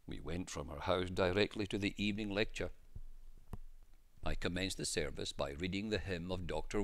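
A man with a deep, low voice reads an old memoir aloud. His delivery is measured and formal, unhurried scripted narration. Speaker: narrator reading a pastor's memoir.

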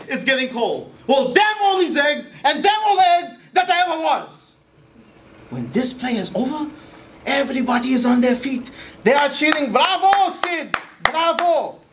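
Here a man voices a sincere immigrant dishwasher who recounts his story in broken English, with occasional louder, higher outbursts. There is slight background noise.

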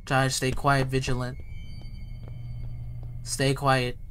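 A man's voice: mid-range voice, completely flat delivery, slow, a bit bright, soft background music. A young man giving casual horror game commentary, jittery and slangy, repeating himself often. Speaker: gaming YouTuber.

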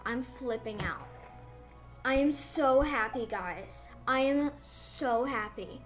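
A woman giving excited, casual commentary on her game, gushing and babbling breathlessly into a phone mic. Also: high-pitched, a little slow, faint music behind. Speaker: gaming vlogger.

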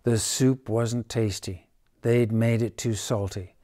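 Slow, gentle man reading a picture book. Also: medium pitch, fairly even intonation. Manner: gentle, unhurried, dramatic. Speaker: storyteller.

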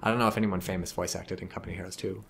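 A man's voice: deep voice, steady tone, rapid-fire, vocal fry, a bit bright. A man casually commentating a strategy game replay, analytical and wry with frequent swearing. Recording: game music and gunfire behind.

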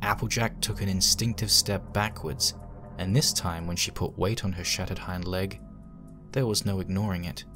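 Deep-voiced man reading horror. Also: fairly even intonation, normal speed, over music. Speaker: fanfic reader. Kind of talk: dramatic horror narration.

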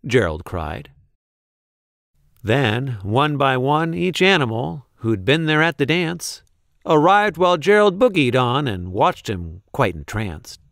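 A man reading a rhyming children's picture book aloud with a rhythmic, expressive delivery. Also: medium pitch, takes it slowly, creaky, no echo, clean studio sound. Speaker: storybook reader.

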